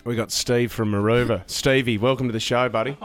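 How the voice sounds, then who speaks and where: A man's voice: mid-range voice, steady tone, brisk, faint music behind. A man with an Australian accent hosting breakfast radio, teasing callers and laughing often. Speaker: radio host.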